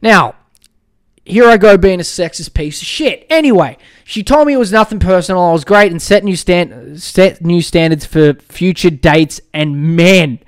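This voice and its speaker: Young man ranting with a smooth, high voice. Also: normal speed. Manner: blunt, sweary, joking rants. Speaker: podcast host. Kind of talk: casual podcast advice chat.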